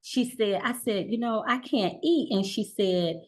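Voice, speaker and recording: A middle-aged woman guest telling her story in a relaxed conversational way, acting out the voices of the people she quotes. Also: medium pitch, measured pace. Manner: animated, acts out quoted dialogue.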